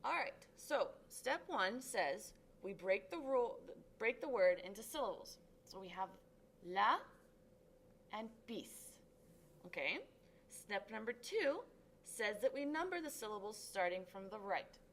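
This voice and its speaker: A woman's voice: mid-range voice, sing-song, normal speed. Woman tutor walking thru a lesson, upbeat, drags out syllables big for emphasis, bit of faint hiss. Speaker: Spanish tutor. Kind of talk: classroom lesson.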